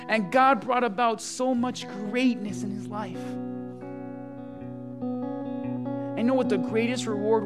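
A passionate pastor delivers a live church sermon, moving between quiet, heavy moments and loud, rousing appeals. Throughout, a guitar plays clearly beneath the voice. The delivery is sure and direct and keeps pulling the congregation in. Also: medium pitch. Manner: impassioned preaching that swings from hushed to loud, asks the congregation "amen?". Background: soft guitar music.

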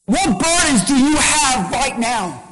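A man's voice: very high voice, sing-song, takes it slowly. A man preaching a sermon as pastor, pressing the congregation with repeated rhetorical questions. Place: church sanctuary. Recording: long church hall reverb.

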